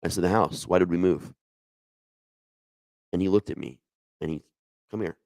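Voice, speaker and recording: Low-voiced man telling a haunting true story. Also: normal speed, gravelly, a little mellow, no room sound. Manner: conversational, emotional, with many restarts and asides. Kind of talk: personal ghost story told casually.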